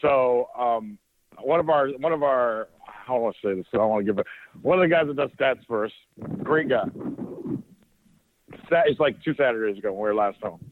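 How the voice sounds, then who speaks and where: A man's voice: mid-range voice, a little fast, long pauses. A man co-hosting a podcast, telling loose stories in casual sports chat. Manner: loose storytelling with laughs. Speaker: podcast co-host. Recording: tinny phone line.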